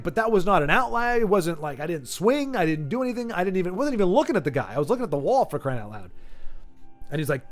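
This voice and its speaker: A middle-aged man chatting casually with viewers as a gaming streamer, telling a story in an exasperated way with many restarts and repeated words. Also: a little high. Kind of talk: casual rambling chat with viewers.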